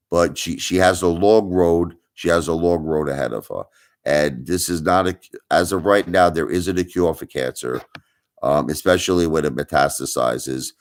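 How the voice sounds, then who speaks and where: Deep-voiced middle-aged man ranting on a stream. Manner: insinuating, rhetorical, repeats himself. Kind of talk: livestream commentary.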